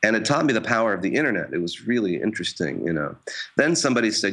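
A middle-aged man with a very low voice speaks in a loose, unscripted interview. He is a jazz musician who stumbles, restarts and fills his pauses. His humor is wry and self-mocking. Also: very animated, a bit bright, breathy edge. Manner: hesitant, many restarts and fillers. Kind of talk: casual interview talk.

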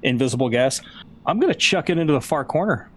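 Hesitant tabletop player, slightly high man. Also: lively intonation, fast. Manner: thinks aloud, hesitant restarts, blunt swearing. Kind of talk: casual tabletop game chat.

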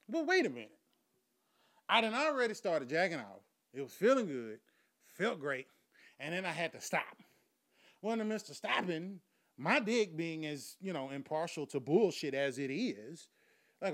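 A middle-aged man works through a raunchy stand-up routine in a slightly high voice. He is profane and animated and keeps cracking himself up as he tells it. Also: normal speed. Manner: profane, animated, laughs at his own jokes. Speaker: stand-up comedian. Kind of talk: crude stand-up storytelling.

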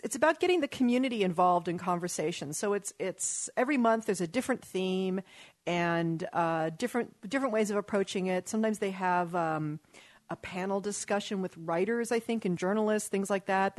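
A woman's voice: medium pitch, normal speed, a little mellow, no echo. A woman hosting a talk radio show in a Los Angeles studio, rambling in an exasperated, casual way and swearing freely.

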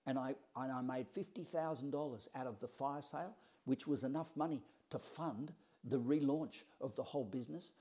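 An Australian man recounts a story from his own life in a casual, conversational way, his mid-pitched voice mellow and relaxed. He talks at normal speed with few pauses, is blunt, swears occasionally, and acts out the dialogue as he goes.

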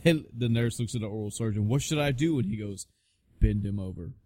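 A young man co-hosting a casual podcast, telling swearing, animated stories and mimicking people. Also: fast talker. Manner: profane, animated storyteller, mimics others in high voices. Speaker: podcast co-host.

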